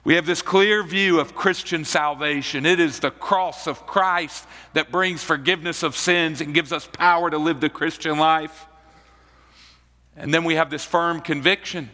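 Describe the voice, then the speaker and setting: A man preaching a sermon as pastor, slow and deliberate, repeating key phrases for emphasis. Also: on the high side, fairly even intonation, sharp tone, long reverb tail.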